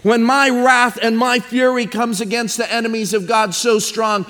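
Male preacher, high voice, emphatic sermon delivery, long hall reverb. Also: steady tone, a bit bright. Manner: emphatic, drawn-out preaching with repeated phrases. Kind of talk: sermon with scripture reading.

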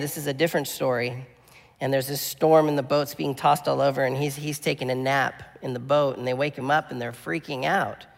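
A man preaching a sermon with earnest emphasis, swinging between strong peaks and quiet, low passages. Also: gravelly, in a large hall. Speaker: pastor.

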